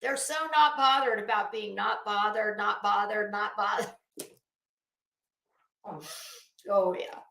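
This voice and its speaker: A woman's voice: mid-range voice, fairly even intonation, slow pace, gravelly, pauses often, fairly bright tone, roomy sound. A woman streamer doing casual commentary, chatty and sassy, talking straight to the people she discusses. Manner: chatty, sassy, addresses people directly with asides and laughs.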